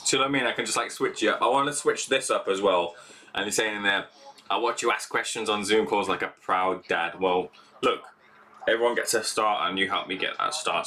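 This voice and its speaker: A man's voice: lowish voice, pushed and bright, a little hiss or hum. A young man hosting a casual live reaction stream, talking in a rambling, chatty way with lots of fillers.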